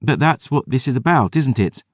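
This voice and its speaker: A man's voice: medium pitch, lively intonation, moderate pace, no echo, clean studio sound, voice pushed up, lightly acted. A man voicing a fierce, defiant teenage girl who talks in an insistent, pleading way. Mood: tearful pleading.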